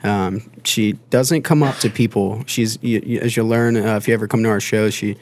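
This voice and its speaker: In a podcast studio, a man in a band appears as a guest, talking casually and rambling with plenty of fillers and restarts. His voice is fairly low, with fairly even intonation and a moderate pace.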